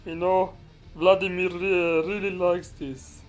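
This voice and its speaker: A man putting on a fake Russian accent to play a crude, excitable commentator called Vladimir, swearing and laughing over a game. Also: high voice, slow pace, soft background music. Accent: put-on Russian accent. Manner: swears a lot, laughs and yelps at crashes. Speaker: gameplay commentator. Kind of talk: comic game commentary in character.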